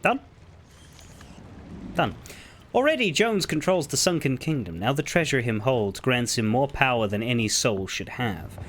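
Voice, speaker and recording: A male streamer chats casually over his game, joking and swearing in exasperation. His voice rises and falls lively. A faint noise hums under it. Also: mid-range voice, measured pace. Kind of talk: casual gameplay commentary.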